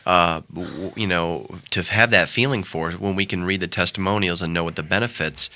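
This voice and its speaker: A man's voice: low-pitched, pushed and bright. A man who co-owns a cannabis shop, talking earnestly on a radio show and stumbling through restarts. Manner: halting, restarts often, earnest. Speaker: shop owner, co-host. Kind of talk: casual radio talk. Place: radio studio.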